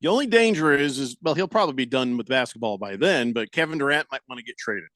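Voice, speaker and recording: A man's voice: mid-range voice, lively intonation, fast, a bit bright, no room sound. A man hosting a casual sports radio show, reading listener comments aloud and adding wry asides.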